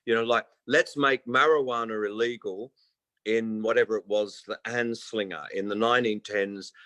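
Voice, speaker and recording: His voice lowish, bright, and forceful, a man in his sixties chats casually as a guest musician in an interview, telling long, rambling stories and performing the voices of people he quotes. He keeps a moderate pace and fairly even intonation; the remote-call audio is poor, without echo.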